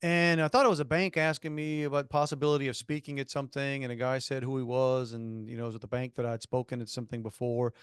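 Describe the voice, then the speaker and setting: A man's voice: medium pitch, little pitch movement, quick pace, hardly any pauses, clean tone, no echo, studio quality. A man co-hosting a podcast in casual chat, rambling and jokey, often restarting his sentences. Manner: rambling, self-interrupting, jokey. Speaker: podcast co-host.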